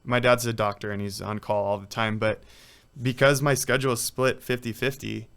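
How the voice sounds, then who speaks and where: Man, casual interview talk, gravelly edge, smooth clear voice, rambling storyteller. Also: medium pitch, moderate pace. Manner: relaxed, rambling, says "like" and "you know". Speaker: guest, professional water polo player.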